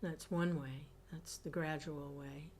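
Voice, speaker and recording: A woman's voice: low-pitched, fairly even intonation, slight background noise. Reflective woman teaching scripture. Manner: reflective, pausing with soft hums. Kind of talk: scripture reading and commentary.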